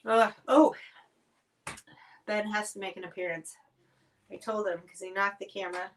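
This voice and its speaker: Woman livestream host at home, casual and chatty, coughing and clearing her throat, a bit far from the mic. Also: medium pitch, fairly even intonation, normal speed, pauses often, a little hiss or hum. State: coughing from spicy food. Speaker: livestream host reviewing spicy snacks.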